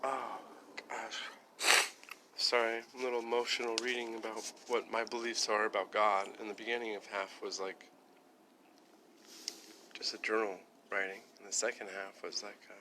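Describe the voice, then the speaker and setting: A man's voice: on the low side, level tone, quick pace, few pauses, bright, forceful tone, slight background noise. A young man rambling on a casual livestream, part spiritual preaching, part chatting with viewers. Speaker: livestream host.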